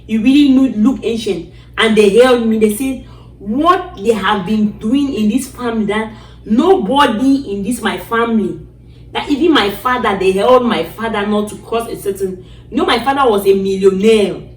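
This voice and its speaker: A woman's voice: on the high side, normal speed. A woman from Nigeria telling a personal story dramatically, acting out her own cries and pleas. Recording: distant mic in an echoey room.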